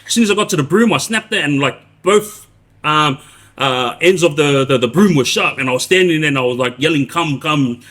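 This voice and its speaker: An Australian man in his 40s tells prison stories on a live stream, rambling, restarting often and checking in with "yeah?" His voice is fairly high and fairly bright, with lively intonation and a brisk pace. The talk is casual storytelling.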